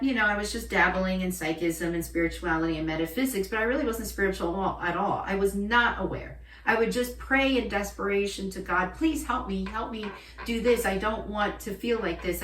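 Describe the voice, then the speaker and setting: A woman's voice: on the low side, a bit bright. Woman in her thirties, from Florida, candid storytelling, swears freely, echoey room, away from the mic. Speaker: shaman. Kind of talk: personal storytelling vlog. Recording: roomy, distant from the mic.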